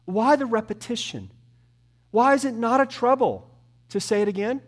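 A male pastor delivers a sermon to his congregation, earnest and animated, his voice pitched extremely high. He builds intensity, then drops into soft, slow emphasis.

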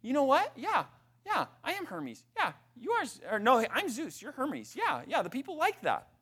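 A man voicing a fickle, flattered male apostle who wavers and goes along with praise. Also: very high-pitched, normal speed, husky, pitched above the performer's own voice, heavily acted. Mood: giddy.

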